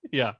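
A man hosting a podcast, chatting casually and joking with friends, laughing often. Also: a bit bright. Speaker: podcast host. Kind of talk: casual chat.

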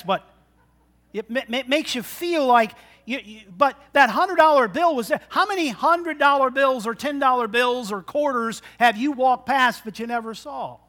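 A preacher giving a conversational sermon in church, often asking the congregation questions. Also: male voice, very high-pitched, pushed and bright.

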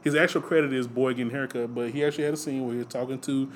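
Man, mid-pitched podcast co-host, rambling trivia chat, faint noise underneath. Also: steady tone, rapid-fire. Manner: loose, rambling delivery with frequent fillers and laughs. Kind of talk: casual movie trivia chat.

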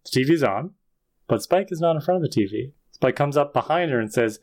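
A man's voice: medium pitch, expressive, brisk, darkish tone. A man co-hosting a podcast, recapping scenes in casual chat, thoughtful and hedging, with the odd sigh. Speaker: podcast co-host.

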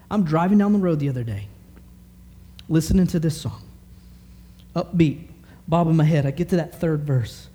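A man in his thirties preaching a sermon in an animated, conversational way, full of rhetorical questions. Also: on the high side, moderate pace. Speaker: pastor.

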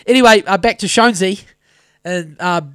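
A man's voice: sits high, moderate pace, fairly bright tone, smooth, no echo. A man with a New Zealand accent holds forth on a casual podcast. His speech runs heavy on swearing and builds into rants, and the sound is dry and close. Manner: sweary, ranting storyteller. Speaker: podcast co-host. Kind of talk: casual chat.

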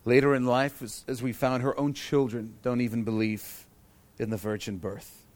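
A man's voice: medium pitch, flat delivery, normal speed. Earnest male pastor preaching. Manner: earnest, repeats key phrases for emphasis. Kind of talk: sermon.

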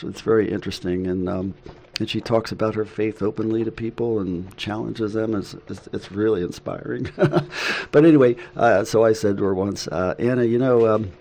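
Casting note: middle-aged male co-host, low-pitched, hesitant, casual faith chat. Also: dark tone, a little hiss or hum. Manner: halting, with many ums and laughs.

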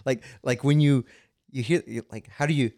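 A man's voice: mid-range voice, steady tone, moderate pace, darkish tone, dry recording, clean studio sound. A man co-hosting a casual podcast, talking in a rambling way with restarts and the odd laugh. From United States. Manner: rambling, frequent restarts, laughs while telling anecdotes. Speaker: podcast co-host. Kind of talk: casual conversation.

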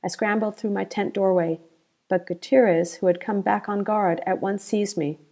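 A woman narrating an audiobook in a steady, measured reading. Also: mid-range voice.

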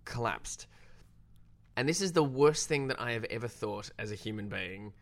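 A young Australian man, a filmmaker guest, telling a story in casual, self-deprecating chat. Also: normal speed. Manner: animated, self-deprecating, jumps pitch when quoting.

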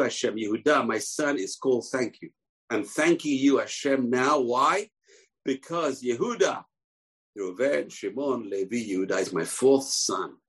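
A man teaching a Torah class, emphatic, repeating key phrases and rising to shouts. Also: mid-range voice, gravelly, breathy edge, rough recording.

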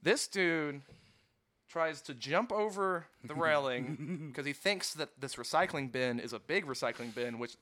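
A man's voice: on the high side, expressive, measured pace, bright, forceful tone, no room sound. Man spinning a profane story. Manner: rambling and profane, heavy use of "like". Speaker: touring band musician. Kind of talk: casual podcast storytelling.

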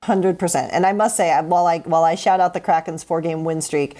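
Low-voiced chatty woman co-host. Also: fast, dark tone. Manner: chatty, restarts a lot, laughs easily. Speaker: podcast co-host. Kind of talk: casual chat.

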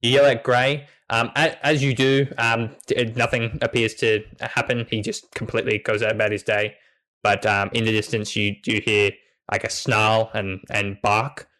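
A man's voice: lowish voice, level tone, normal speed, fairly bright tone. A man narrating as game master, rambling and restarting as he describes the scene. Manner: rambling, many fillers and restarts.

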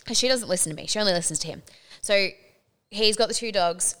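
A bright, crisp-voiced woman co-hosting a casual podcast. She tells stories with lots of energy and swears freely along the way. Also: medium pitch, fast talker. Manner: animated storyteller, swears freely. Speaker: podcast co-host. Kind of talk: casual storytelling chat.

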